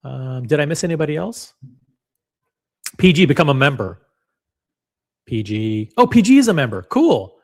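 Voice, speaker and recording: A man hosting a casual livestream, chatty and blunt, reading viewer comments aloud with quick restarts and self-deprecating asides. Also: on the high side, big pitch swings. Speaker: livestream host reacting to watch predictions.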